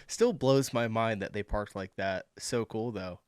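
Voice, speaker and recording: A man hosting a reaction video, chatting casually in an amused tone with quick asides. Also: lowish voice, over loud music.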